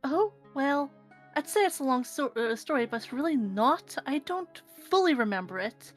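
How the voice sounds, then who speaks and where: A woman's voice: sits high, lively intonation, moderate pace, faint music behind. A woman playing a cheerful, bubbly young female adventurer who digs in ruins. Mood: chatty.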